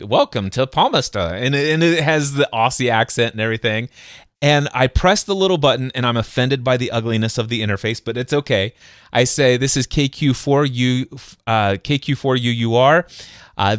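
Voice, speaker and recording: A man's voice: medium pitch, clean tone, no room sound, studio quality. A man hosting a podcast, telling stories with enthusiasm, acting out sounds and voices, and often restarting his sentences. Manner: animated, acts out sounds and voices in anecdotes; frequent restarts and stumbles. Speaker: podcast host. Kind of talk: excited conversational storytelling.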